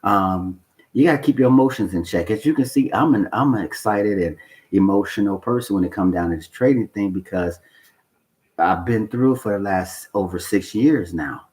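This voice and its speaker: A man's voice: fairly low pitch, normal speed, a little mellow, rough recording. A man hosting a trading channel who talks unscripted to the camera. He is blunt and emphatic, repeats his points, swears for stress, and keeps checking in with "okay?". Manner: coaching tone, asks "okay?" and "you know why?".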